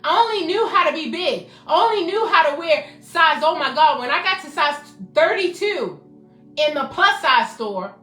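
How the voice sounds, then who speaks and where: A woman's voice: extremely high pitch, animated, moderate pace, bright, forceful tone. A woman hosting a motivational self-help talk, emphatic and repetitive, speaking directly to her viewers by name. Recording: roomy echo, faint music behind.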